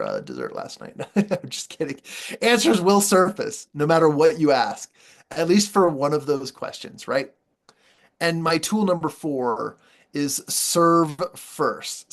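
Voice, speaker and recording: An upbeat man leads a motivational workshop, playful and emphatic, and he repeats key phrases. His voice sits a little high for a man. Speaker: workshop trainer. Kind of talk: motivational training talk.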